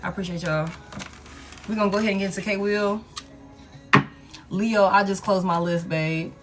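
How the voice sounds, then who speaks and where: A woman's voice: mid-range voice, steady tone, moderate pace, soft background music. A woman giving a live tarot reading, talking casually and profanely to her viewers. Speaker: tarot reader.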